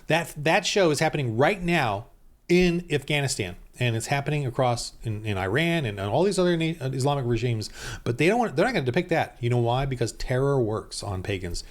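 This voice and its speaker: A man in the middle of an angry rant on his own video channel, sitting at a mid pitch for a man. He keeps tripping over restarts and repeated words. His tone lurches from raised, indignant outbursts to low muttered asides. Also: expressive, a little fast. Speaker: YouTube channel host.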